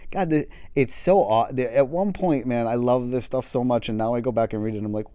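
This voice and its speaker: A man's voice: mid-range voice, moderate pace, warm tone, clean tone, dry recording. A man talking casually and rambling, joking at his own expense and swearing now and then as he acts out little quotes. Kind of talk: casual chat.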